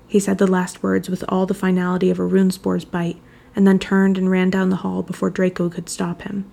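A woman reads a fan fiction chapter aloud in a low, gravelly voice. Her delivery is even and measured, the steady pace of a storyteller working through a long passage. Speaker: narrator. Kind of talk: fan fiction audiobook reading.

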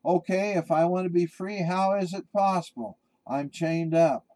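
A man's voice: sits high, normal speed, darkish tone, no echo, natural voice, rough recording. A man voicing a loyal male German shepherd who speaks in an earnest, plain way in a spoken sermon story. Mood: curious.

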